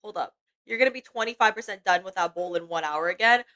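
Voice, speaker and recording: A woman's voice: medium pitch, fast, pushed and bright, rough recording. A young woman streaming, chatting casually while eating, rambling and swearing freely with lots of fillers. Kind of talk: casual livestream chat. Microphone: desk mic while eating.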